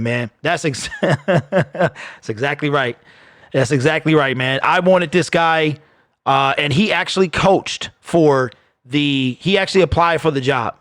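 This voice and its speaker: A man with a voice on the high side hosts a live football watch party stream, chatting casually and joking with viewers. The recording is dry, with a clean studio sound.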